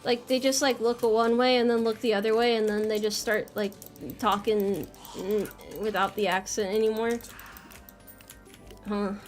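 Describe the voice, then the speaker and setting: A young woman with a bright, high voice chats loosely as she plays a game on stream, teasing herself and answering chat. Her American speech is quick to joke, and faint music runs behind her. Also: little pitch movement. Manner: playful, self-mocking, reads chat messages aloud. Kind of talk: casual live-stream chat while gaming.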